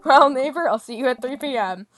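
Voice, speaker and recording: A woman voicing a friendly, clean-cut male neighbor who is a youth minister in a dating game, with a smooth, cheery, neighborly manner. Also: high-pitched, lively intonation, fairly quick.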